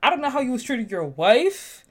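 A woman hosting a podcast in casual chat, sassy and animated, her voice jumping up when she exclaims. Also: sits high, fairly quick. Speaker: podcast host.

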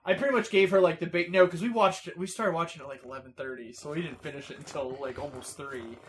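A man's voice: fairly high pitch, steady tone, quick pace, background noise. A young man co-hosting a casual podcast chat, easygoing and laughing often. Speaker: podcast co-host.

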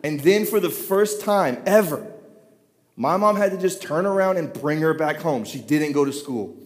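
A pastor in his thirties telling a self-deprecating, animated story from the pulpit. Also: a little high, normal speed. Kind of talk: storytelling sermon. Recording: long hall reverb.

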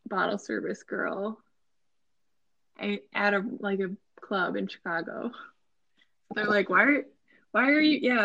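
A young woman with a Minnesotan accent chatting casually as a podcast co-host, full of fillers and quick laughs. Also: medium pitch, vocal fry, fairly bright tone, no room sound, highs cut off. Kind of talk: casual chat.

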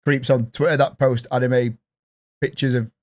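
A man's voice: mid-range voice, flat delivery, normal speed, a little mellow. A man chatting casually as a podcast co-host, hesitant and self-deprecating, often restarting his sentences. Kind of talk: casual chat.

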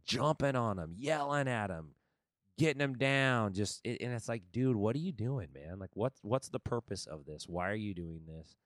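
Animated low-voiced man telling stories. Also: no room sound, studio quality. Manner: animated storytelling, says "man" and "dude" a lot. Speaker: podcast co-host and kids' jiu-jitsu coach. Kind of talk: casual podcast chat.

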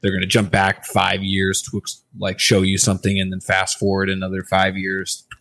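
Low-voiced, rambling podcast man. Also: completely flat delivery, normal speed, a bit bright. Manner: rambling, loose, swears casually. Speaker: podcast co-host. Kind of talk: casual podcast chat.

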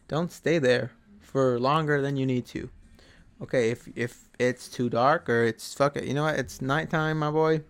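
A young man with a gravelly, fry-laden voice at a middle pitch talks straight into his podcast. His motivational monologue rambles and is thick with swearing, blunt and unpolished. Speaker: podcast host.

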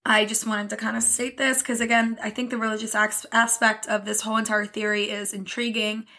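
A woman's voice: medium pitch, little pitch movement, fairly quick, bright, forceful tone. A young woman co-hosting a podcast in casual chat, chatty and often laughing. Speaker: podcast co-host.

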